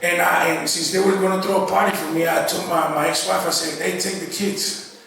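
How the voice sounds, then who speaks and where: A man's voice: sits high, level tone, fast talker, a bit bright, a little hiss or hum. A man giving a church testimony as a guest speaker, telling his story casually and voicing his own past thoughts as quotes. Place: church sanctuary. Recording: echoey church hall, distant mic. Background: faint congregation calling out responses.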